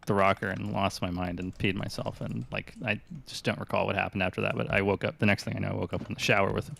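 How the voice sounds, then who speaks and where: A man's voice: lowish voice, flat delivery, fast, gravelly, fairly bright tone. A man hosting a call-in stream, telling rambling stories with lots of fillers and laughs. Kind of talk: casual chat.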